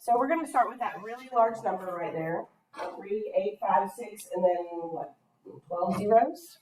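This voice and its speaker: A woman teaching a math lesson at an ordinary mid pitch. She moves through it patiently and keeps asking the class questions. Her throat keeps catching with coughs, and there is a faint hum of noise behind her. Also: animated, moderate pace, darkish tone.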